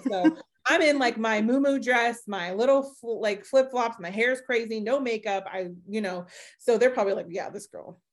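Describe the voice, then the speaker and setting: A woman who is a podcast guest, telling a personal story in a casual, animated way with lots of fillers and laughter. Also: fairly high pitch, normal speed. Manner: chatty, with many fillers and acted-out quotes.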